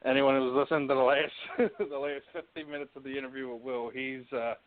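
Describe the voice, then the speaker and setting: A man's voice: mid-range voice, fairly even intonation, brisk. A man hosting a casual interview, rambling with many fillers and laughing easily. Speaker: podcast host. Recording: tinny phone-like line.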